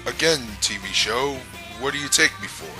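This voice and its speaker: A man's voice: mid-range voice, expressive, moderate pace, over music, low-quality recording. A man giving a casual review rant, rambling, blunt and profane, with frequent restarts. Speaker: anime reviewer.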